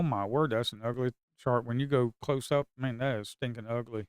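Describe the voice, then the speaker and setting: A man talks through his trades live, complaining about a stuck market and calling out to his viewers. His voice is smooth and clear at an ordinary pitch. The recording is dry and close. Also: moderate pace, no echo. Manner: grumbling, talks to viewers as folks, sudden excited outbursts. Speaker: day trader streaming live. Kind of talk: casual live market commentary.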